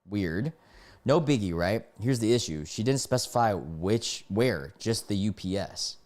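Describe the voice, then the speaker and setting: A man with a fairly low voice reads scary stories aloud on a live stream. He keeps stopping to react, joke and chat with viewers, then drops back into the story. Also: animated, a little slow, a little mellow. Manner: reactive, breaks off to comment and greet chat.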